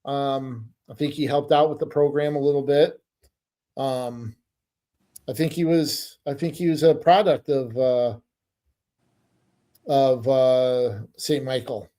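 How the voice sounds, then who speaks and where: A man's voice: medium pitch, steady tone, slow pace, long pauses, warm tone. A middle-aged man co-hosting a podcast, telling stories in a rambling, hesitant casual chat. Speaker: podcast co-host.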